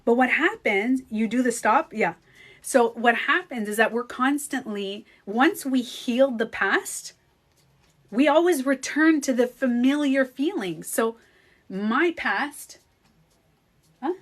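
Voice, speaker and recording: A woman's voice: a little high, slow. Chatty, laughing woman on a livestream. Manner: chatty, animated, often laughs and acts out her own thoughts. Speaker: beauty coach and vlogger. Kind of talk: casual livestream chat.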